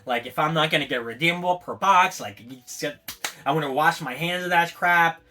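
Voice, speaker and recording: Excitable man with a bright voice. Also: fairly high pitch, a little fast. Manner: excitable, swears freely, adds sound effects. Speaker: collectibles vlogger. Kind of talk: casual rambling monologue.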